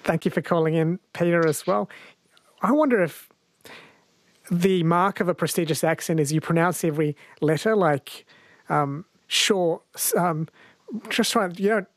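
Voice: medium pitch, measured pace, dry recording. Talkback host, conversational, dry studio sound. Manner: conversational, asks open questions. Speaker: radio host. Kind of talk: radio talkback.

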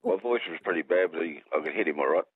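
A man's voice: low-pitched, fast talker, slight background noise. An Australian man calling in to a radio show, rambling and joking. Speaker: caller. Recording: tinny phone line.

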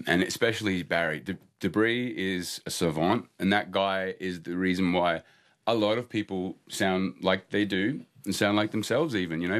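An Australian musician from Adelaide talks casually in an interview. His low voice is animated, and he laughs often as he reflects. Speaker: musician guest.

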